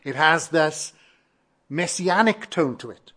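A man's voice: fairly high pitch, expressive. Fervent man preaching with rising emphasis. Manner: fervent, emphatic, swells louder on key phrases; repeats and builds phrases in a measured cadence. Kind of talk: sermon.

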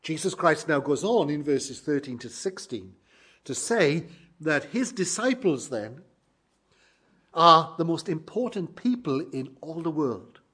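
A man preaching a sermon to his congregation, measured and emphatic, slowing down to stress key phrases. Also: a little high, big pitch swings, fairly bright tone, slightly rough.

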